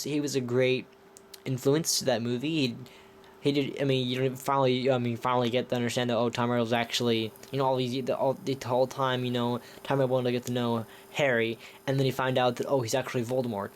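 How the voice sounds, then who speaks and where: A man's voice: mid-range voice, a little hiss or hum. A man giving a casual movie review, rambling with many restarts and talking enthusiastically. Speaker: film reviewer.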